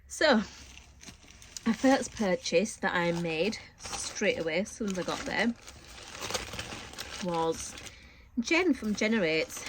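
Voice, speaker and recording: A woman's voice: on the low side, a little hiss or hum. A woman chatting through a sewing haul vlog, coughing and a little short of breath from a cold. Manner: chatty, animated storytelling. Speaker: sewing vlogger.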